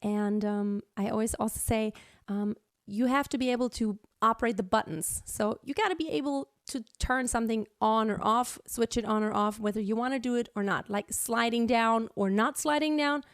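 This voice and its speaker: A woman's voice: a little high, normal speed, no room sound, studio quality. A woman teaching singing, explaining technique and breaking into short sung examples. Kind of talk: vocal lesson with sung demonstrations.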